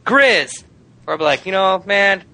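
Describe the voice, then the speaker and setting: A man co-hosting a casual gaming podcast, telling animated, profane stories. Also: medium pitch, fairly quick, poor audio. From Phoenix, USA. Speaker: podcast co-host.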